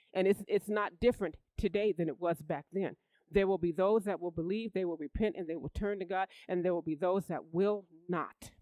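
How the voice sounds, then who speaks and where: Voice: medium pitch, dry recording, low-quality recording. Dry-sounding preacher telling a Bible story. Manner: animated storytelling, rising loud for emphasis; repeats words and restarts. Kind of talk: sermon.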